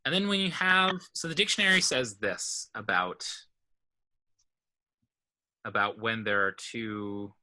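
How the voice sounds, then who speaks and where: Male teacher, informal class lesson, lowish pitch, tense bright edge, explains step by step. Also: measured pace, long pauses.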